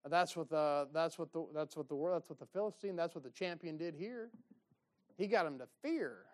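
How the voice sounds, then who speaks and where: A man's voice: fairly high pitch, expressive, moderate pace. A man preaching a sermon in a folksy, exhorting way, with asides and short laughs.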